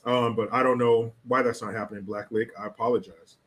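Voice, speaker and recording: A man's voice: medium pitch, flat delivery, a little fast. A man hosting a casual political commentary livestream, sarcastic and blunt, swearing freely.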